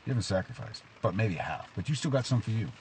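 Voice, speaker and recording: A man's voice: quick pace, slight background noise. A man giving an informal devotional talk, asking questions and telling stories to make his point. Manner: questioning, tells stories, lively rises in pitch. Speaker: preacher. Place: outdoors in rain.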